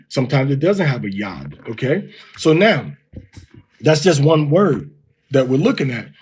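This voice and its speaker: In an informal recorded lesson, a male Hebrew teacher speaks with a husky, slightly breathy, a little mellow voice at a middle male pitch. He works through examples one step at a time, reading verses slowly and sounding out words.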